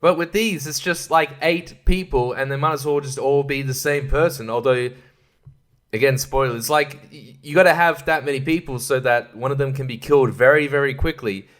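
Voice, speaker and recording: A man's voice: mid-range voice, moderate pace, fairly bright tone. Rambling, sarcastic man. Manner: rambling, sarcastic, laughs often, does mocking voices. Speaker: podcast host reviewing films. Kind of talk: casual film review monologue.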